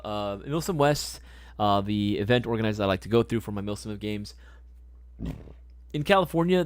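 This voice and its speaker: A man's voice: medium pitch, darkish tone, no room sound, clean studio sound. A young man hosting a live stream, answering chat questions in a laid-back, slangy way, swearing now and then and repeating his phrases. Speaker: livestream host answering chat.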